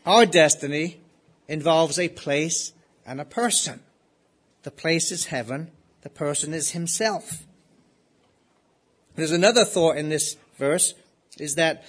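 A man preaching a sermon in an earnest way, asking the listeners rhetorical questions and slowly repeating his key phrases. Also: a little high, a bit bright, breathy edge.

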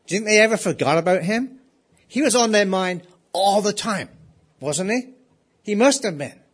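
Man preaching with earnest rhetorical questions. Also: fairly high pitch. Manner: earnest, asks listeners rhetorical questions, repeats key phrases slowly. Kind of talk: sermon.

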